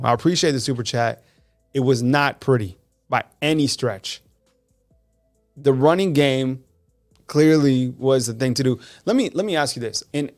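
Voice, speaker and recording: A man with a mid-range voice hosts a live call-in sports talk show. He's animated and conversational, reading fan comments aloud.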